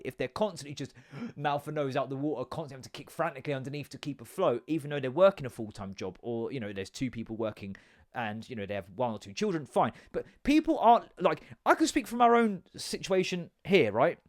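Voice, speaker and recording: An English man in his thirties hosting a podcast, ranting casually in an animated, sweary, sarcastic way. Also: fairly high pitch, brisk, no echo, clean studio sound. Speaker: podcast host.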